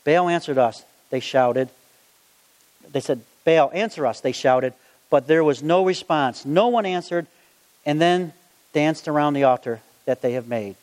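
Man preaching, animated storytelling voice, reads verses, long reverb. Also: on the high side, unhurried. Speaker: gospel magician preacher. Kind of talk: sermon with Bible reading.

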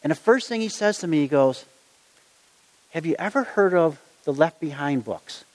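A man's voice: on the high side, expressive, normal speed. A middle-aged man preaching a sermon, earnest and conversational as he tells stories from his own life. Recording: long hall reverb.

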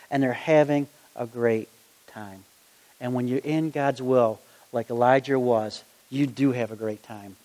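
A man preaching a sermon, reading Bible verses aloud and acting out the story in lively voices. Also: mid-range voice, unhurried. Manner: animated, acts out the story in voices. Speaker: gospel magician preacher. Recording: long hall reverb.

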